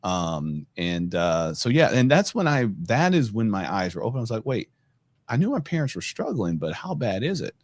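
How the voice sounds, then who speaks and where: Deep-voiced man hosting a podcast. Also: moderate pace, dry recording. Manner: conversational, many fillers, animated when retelling. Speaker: podcast host. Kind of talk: casual storytelling.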